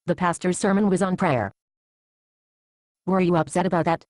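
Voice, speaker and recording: A woman's voice: lowish voice, fairly even intonation, normal speed, darkish tone, dry recording, lightly acted. A woman playing a blunt churchgoing friend. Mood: matter-of-fact. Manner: blunt, dryly teasing. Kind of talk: amateur Bible drama acting.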